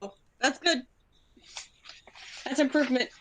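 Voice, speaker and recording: A woman's voice: high voice, measured pace, a bit bright, low-quality recording. Giggly teenage girl chatting. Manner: giggly, curious, trailing off mid-sentence. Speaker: co-player friend. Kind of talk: casual chat.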